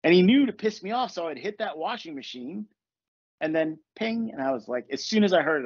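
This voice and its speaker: Give me a middle-aged man hosting a chatty podcast, animated and cursing, on dry, dull audio. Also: a little high, a little fast, breathy edge, no room sound. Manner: animated, swears freely, laughs often. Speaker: podcast host. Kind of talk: casual storytelling chat. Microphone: podcast mic.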